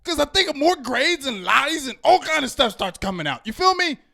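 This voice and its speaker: A man hosting a fan reaction show, ranting heatedly and swinging between loud outbursts and low muttering. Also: big pitch swings, normal speed, vocal fry. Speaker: host. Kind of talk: postgame fan reaction rant.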